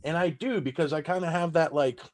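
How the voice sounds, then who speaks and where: A man's voice: a little high, a little fast. A man from Texas with a Southern accent, a stand-up comedian chatting loosely on a podcast, swearing and laughing as he tells stories. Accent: Southern American. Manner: loose, profane, laughing storyteller. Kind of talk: casual podcast chat.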